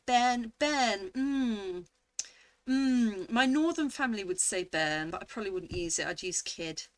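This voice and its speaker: Woman, 40s, casual vlogger; bright, slightly high voice, unhurried, reading aloud and mulling things over. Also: no echo. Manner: reads quiz options aloud, muses over each word.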